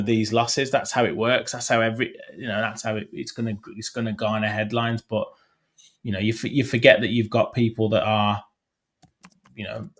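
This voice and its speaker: A man's voice: fairly low pitch, fairly bright tone. Man talking club finances casually. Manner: restarts often, hedging asides. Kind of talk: casual football chat.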